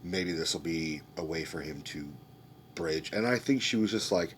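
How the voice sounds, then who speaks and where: Deep-voiced man ranting about a movie. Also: moderate pace, slight background noise. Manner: rambling, profane, restarting sentences. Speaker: movie review ranter. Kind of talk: casual spoken movie review rant.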